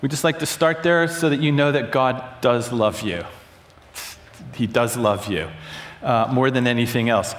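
Here a church workshop leader talks with the room in a relaxed, conversational manner, asking questions, repeating the responses, and guiding a prayer. He speaks at a moderate pace with a medium-pitched, fairly bright voice. Sound bounces around the big hall, where an audience fills the floor and box seats.

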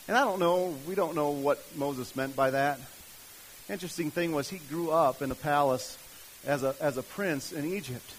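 A man's voice: on the high side, normal speed, low-quality recording. A man preaching a sermon in a conversational, emphatic way, speaking directly to his listeners. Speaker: pastor.

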